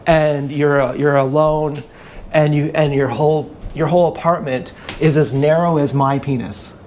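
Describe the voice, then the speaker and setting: A man's voice: a little high, fairly even intonation, normal speed, darkish tone, slight background noise. A man streaming live, talking in a rambling comic monologue full of restarts and asides. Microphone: action camera.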